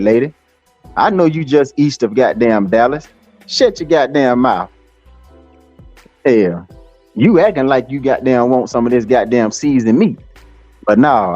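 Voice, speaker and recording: A man's voice: medium pitch, a little mellow, no echo. Man, rambling profane stream rant, fillers galore; dry, dull lo-fi audio. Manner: cursing, taunting, rambling with many fillers. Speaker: livestream host.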